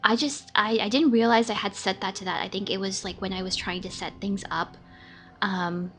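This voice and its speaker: A woman's voice: mid-range voice, steady tone, moderate pace, a bit bright. A woman giving chatty, giggly, self-deprecating commentary while playing through a video game. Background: game music.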